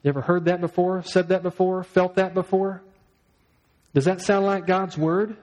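Preaching man, somewhat high-pitched. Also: fairly even intonation, normal speed, a little mellow, poor audio. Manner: conversational preaching with rhetorical questions. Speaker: pastor. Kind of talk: sermon.

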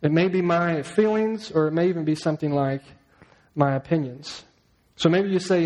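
A man's voice: fairly high pitch, moderate pace, a little mellow, low-quality recording. A man preaching a sermon in a conversational way, often asking the listeners rhetorical questions. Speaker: pastor.

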